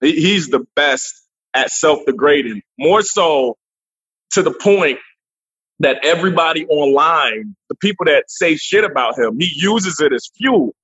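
A husky, slightly high male voice, animated and quick to laugh as he rattles through stories with plenty of restarts. He is on a remote call, and the audio sounds dull and lo-fi, dry with no room sound. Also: dry recording. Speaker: guest comedian. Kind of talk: casual interview chat.

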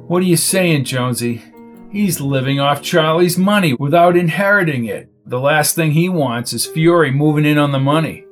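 A man reading a crime story aloud, voicing a hot-tempered, fiercely loyal mobster who curses and shouts. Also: a little high, moderate pace, faint music behind, natural voice. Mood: defiant. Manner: angry, cursing, loud outbursts.

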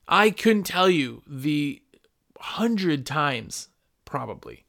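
Very slow and very animated, a man with a fairly high, creaky, fairly bright voice hosts a window cleaners' podcast into a microphone at his computer. He rambles casually, dispensing business advice and dramatizing customer calls.

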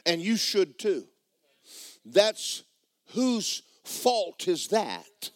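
A man's voice: sits high, very animated, drawn-out words, dry recording, clean studio sound. A man preaching a sermon in a church, folksy and blunt, building to fervent emphasis. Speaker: pastor. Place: church sanctuary.

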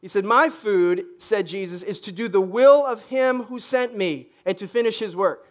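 High-voiced animated preaching pastor. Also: male voice, normal speed. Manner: animated, joking, acts out congregants' voices. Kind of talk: sermon. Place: church stage.

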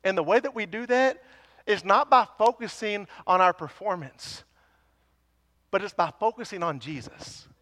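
A man's voice: high voice, normal speed, pushed and bright, long reverb tail. A man preaching a sermon to his congregation. He talks conversationally and teases the listeners, then builds to emphatic repeated lines. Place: church sanctuary.

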